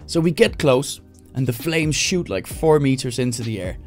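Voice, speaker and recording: A man from Denmark telling a stand-up story live, animated, jumping into loud high yelling voices for the people he quotes. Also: normal speed, soft background music. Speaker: stand-up comedian. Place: indoors, livestream.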